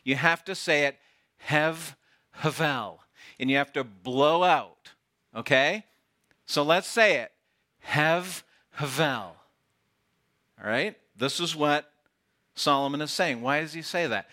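Brief: male pastor, sermon delivery, bright tone, slow deliberate pace, playful asides. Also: fairly high pitch. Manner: playful, teasing, drops to a hush for effect. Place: outdoor gathering with camp chairs.

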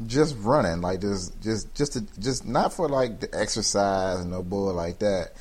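A man's voice: lowish voice, normal speed, darkish tone. A man co-hosting a podcast, telling rambling, playful stories in casual banter. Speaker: podcast co-host.

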